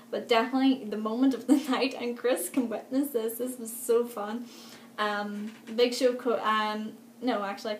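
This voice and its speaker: A young woman, chatting excitedly in a casual vlog, full of fillers. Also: on the high side. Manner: chatty and gushing, many fillers, laughs often. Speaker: vlogger. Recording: echoey room with faint background noise.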